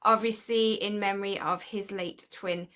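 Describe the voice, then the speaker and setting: A woman hosting a fan vlog, talking casually and chattily with excited little asides. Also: medium pitch, normal speed. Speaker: fan channel host.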